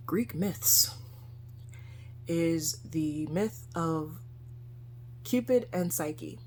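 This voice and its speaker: A young adult woman telling a candid personal story in a casual vlog, sometimes dropping to a soft whisper. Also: deep voice, drawn-out words, pauses often, slight background noise. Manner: candid, conversational, frequent soft whispered asides. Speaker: vlogger.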